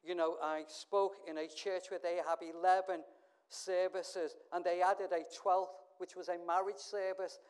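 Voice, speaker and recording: A middle-aged man from England preaching a sermon, telling stories and swinging from hushed asides to loud, emphatic calls. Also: high-pitched, little pitch movement, a little slow, smooth.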